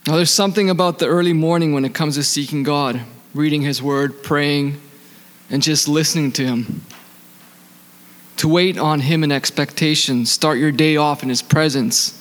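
A man with an accent preaching to a congregation, his voice fairly high for a man. He keeps putting questions to the listeners and then answering them, and he reads the scripture passages slowly. The voice carries a long reverb from the hall. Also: fairly even intonation. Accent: non-native accent. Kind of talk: sermon.

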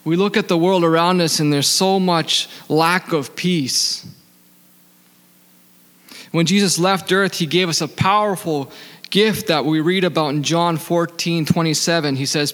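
A man with a non-native accent preaches a sermon to a congregation in a fairly high voice for a man, steady and a bit bright. He keeps asking his listeners questions and then answering them, and reads scripture passages slowly. A long reverb from the hall hangs on his voice.

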